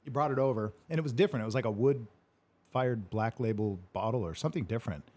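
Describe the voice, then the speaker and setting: A man's voice: medium pitch, fast talker, darkish tone. A man hosting a casual question-and-answer chat, rambling through a story, laughing often and swearing casually. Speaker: host answering live questions.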